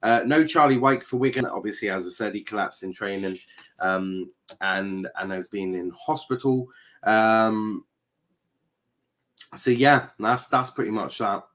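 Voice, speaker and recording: Male football-show host, lowish voice, casual and rambling, heavy on fillers. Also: fairly even intonation, unhurried, fairly bright tone. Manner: rambling, reads viewer comments aloud; hesitant, lots of fillers and restarts. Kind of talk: casual live-stream chat.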